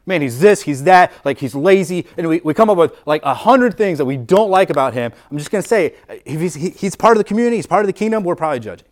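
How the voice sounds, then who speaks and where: A man's voice: lively intonation, racing, hardly any pauses. Conversational man preaching a sermon. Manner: conversational, many repeated words and "like" fillers; acts out quoted inner voices with rising pitch and volume. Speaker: pastor.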